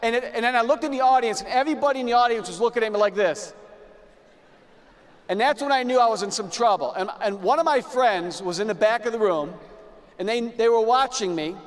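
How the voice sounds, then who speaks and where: Male business speaker, higher register, anecdotal delivery, reverberant hall. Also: brisk. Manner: storytelling, repeats words, acts out his own past lines. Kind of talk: motivational talk to an audience. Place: large room with live audience.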